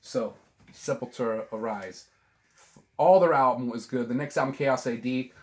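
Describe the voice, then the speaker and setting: A man's voice: mid-range voice, normal speed, darkish tone. A middle-aged man hosting a vinyl channel, chatting casually from home about albums, rambling, swearing often and restarting his sentences. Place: at home with a dog. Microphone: camera on a tripod.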